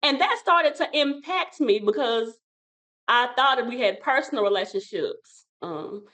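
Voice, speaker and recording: Woman, childcare center owner, casual interview guest, animated and rambling, slightly high voice. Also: unhurried. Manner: animated, rambling, with restarts and laughs.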